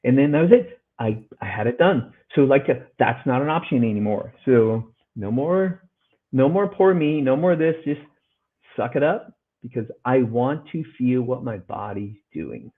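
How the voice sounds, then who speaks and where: A man's voice: medium pitch, animated, moderate pace. A middle-aged man, a podcast guest, earnestly retelling a hard story and acting out what people said. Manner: earnest, retells dialogue in raised voices. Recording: phone-like audio line.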